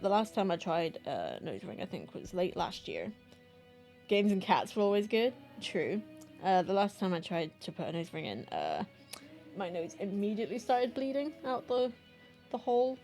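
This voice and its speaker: A woman's voice: mid-range voice, mellow. A woman chatting casually to her live stream audience, rambling and self-deprecating, laughing often.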